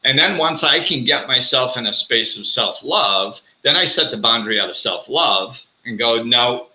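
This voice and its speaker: A man hosting a live talk show in a casual, animated manner, acting out quotes with some self-mocking humor. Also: mid-range voice, normal speed, roomy sound, poor audio. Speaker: host.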